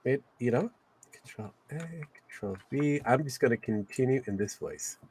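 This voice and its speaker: A man's voice: medium pitch, normal speed, darkish tone, husky. A man hosting a stream, chatting casually and laughing a lot. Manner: laughing, joking. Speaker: streamer host. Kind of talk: casual chat.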